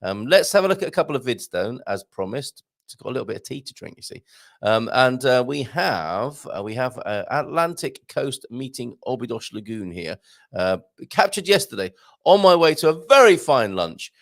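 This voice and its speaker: A man's voice: medium pitch, sing-song, moderate pace, vocal fry, no room sound, clean studio sound. A man hosting a casual morning live stream, chatting in a rambling way with many fillers as he greets viewers by name. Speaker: livestream show host.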